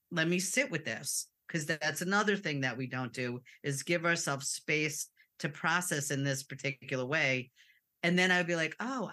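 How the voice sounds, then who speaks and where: A woman clinician explaining in a candid, personal way, in a casual talk. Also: deep voice. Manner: candid, personal, animated with laughs. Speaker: clinician and co-host.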